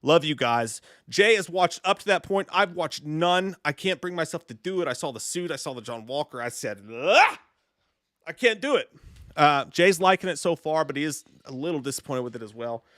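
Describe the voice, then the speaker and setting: A man's voice: a little high, brisk, hardly any pauses, a bit bright, dry recording, clean studio sound. A man hosting a casual live stream, reading viewer messages in a profane, laid-back way. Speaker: host.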